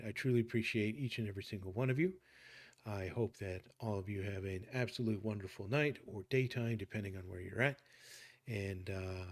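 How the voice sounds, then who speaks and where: Upbeat man closing his stream, low voice. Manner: upbeat, rambling, many fillers and restarts. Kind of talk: casual stream sign-off.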